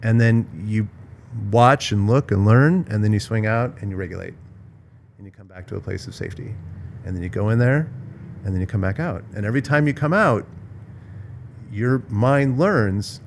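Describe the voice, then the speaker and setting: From a villa in Bali, a podcast host talks a little fast in a lowish voice, with a bit of hiss or hum in the audio. His casual, reflective talk is thoughtful and searching, frequently restarting and circling back to the same phrases.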